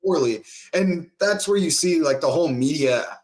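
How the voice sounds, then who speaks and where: A man's voice: fairly high pitch, animated, normal speed, a little mellow. A man ranting profanely in a casual podcast chat. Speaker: podcast co-host.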